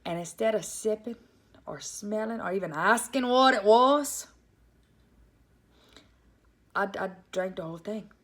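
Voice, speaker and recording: A woman with a Cajun Louisiana accent telling a comic story in a casual, animated way, calling her listeners "y'all". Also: medium pitch, unhurried, pauses often.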